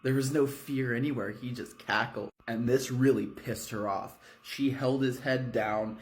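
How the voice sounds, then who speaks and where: A man's voice: medium pitch, fairly even intonation, a little slow. A man narrating a horror story in a casual, swearing storytime manner, speaking from a hotel room. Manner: casual, swearing, fillers like 'you know'.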